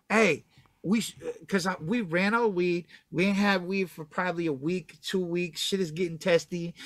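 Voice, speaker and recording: A man from Texas with a Southern accent tells a story in a casual, swearing, high-pitched voice. He keeps acting out what everyone said. The sound is dry and close, with no room around it. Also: pushed and bright, dry recording. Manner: loose, swearing, acts out quotes.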